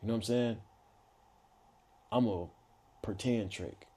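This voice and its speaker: Deep-voiced laid-back man in his twenties. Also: measured pace, warm tone. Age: 20s. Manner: laid-back, slangy, playful boasting. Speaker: podcast guest. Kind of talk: casual chat.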